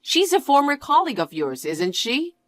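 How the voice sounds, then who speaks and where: A gentle middle-aged mother in a storybook tale, calm and apologetic, voiced by a woman. She speaks softly with a lively rise and fall. The sound is dry and close. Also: sits high, normal speed, no room sound, faint music behind, voice pushed up.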